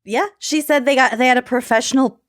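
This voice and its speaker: A playful Minnesotan woman co-hosts a casual chat podcast, laughing often between her lines. Her voice sits on the high side, and the recording is dry and close. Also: brisk, no echo. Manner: giggly, playful. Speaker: podcast co-host.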